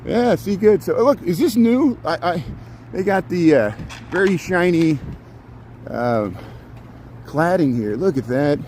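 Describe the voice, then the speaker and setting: A man's voice: high voice, lively intonation, unhurried, long pauses, darkish tone. A middle-aged man from Indiana giving rambling, chatty commentary as he walks a city street livestreaming, greeting people he passes. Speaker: walking livestream vlogger. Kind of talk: casual running commentary while walking. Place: city street outdoors at dusk. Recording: outdoor street noise and traffic.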